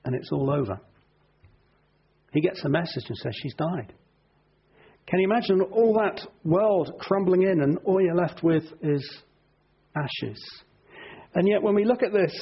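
A man's voice: a little high, creaky, slightly rough, highs cut off. A middle-aged man preaching an earnest sermon to his congregation, often repeating words for emphasis.

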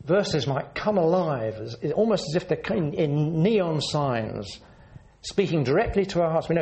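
Man preaching, earnest and measured, fairly high voice, animated pitch. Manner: earnest, measured teaching delivery with rising emphasis. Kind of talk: sermon.

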